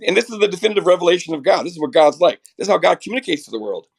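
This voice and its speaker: A middle-aged man with a raspy voice from a chest cold, earnestly explaining theology as a podcast guest, restarting his sentences often. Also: high voice, big pitch swings, very fast. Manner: earnest, builds ideas with many restarts.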